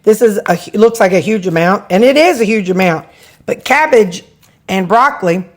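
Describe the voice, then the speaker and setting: A woman's voice: medium pitch, animated, normal speed. A woman vlogger chatting casually about her meals, rambling and tasting food as she talks. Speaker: weight-loss vlogger. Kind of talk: casual food vlog chat.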